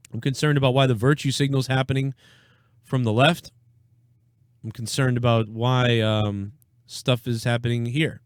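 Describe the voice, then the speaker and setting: Hosting a live political reaction stream, this young man talks with blunt sarcasm and lots of swearing. His medium-pitched voice comes through dry and studio quality.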